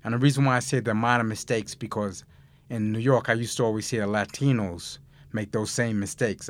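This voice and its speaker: A man hosting a recorded language course, explaining grammar mistakes and giving listen-and-repeat prompts in a measured, clearly enunciated way. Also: lowish voice. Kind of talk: scripted Spanish lesson narration.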